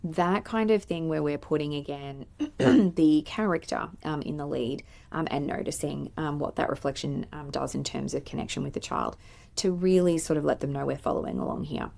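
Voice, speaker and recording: Low, gravelly woman teaching. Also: normal speed, a little mellow. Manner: thoughtful, explanatory, many filler ums. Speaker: play therapist and podcast host. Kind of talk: teaching podcast monologue. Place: playroom.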